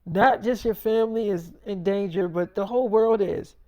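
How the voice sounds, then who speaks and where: A man's voice: sits high, normal speed, darkish tone, dry recording, dull audio, lightly acted. A man voicing his own future self in a made-up story, warning him in an insistent, serious way. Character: grave man from the future, urgent warner.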